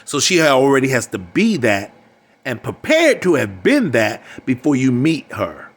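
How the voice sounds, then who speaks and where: A man's voice: medium pitch, huge pitch swings, measured pace. An older man coaching on relationships in a preachy, emphatic monologue, often repeating his phrases. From United States.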